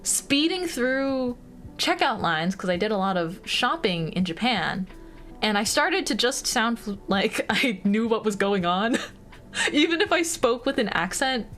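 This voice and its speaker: A woman's voice: a little high, very animated, unhurried, a bit bright, faint music behind. A young American woman streaming casual chat, bubbly and giggly, with lots of fillers. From United States.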